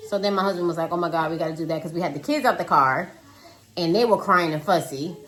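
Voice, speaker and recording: A woman in her thirties telling a casual storytime about her day, dramatic and animated, talking to viewers as "y'all" while cooking at home. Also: fairly low pitch, quick pace. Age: 30s. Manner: animated, dramatic retelling with quoted voices. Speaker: vlogger. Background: child singing in the background.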